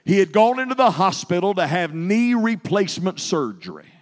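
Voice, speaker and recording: A high-voiced man preaching from the pulpit, his words ringing with a long echo through a big hall. He starts low and measured, then rises to fervent, loud preaching. It sounds like a church sanctuary. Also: big pitch swings. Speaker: pastor. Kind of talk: sermon. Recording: long reverb of a large hall.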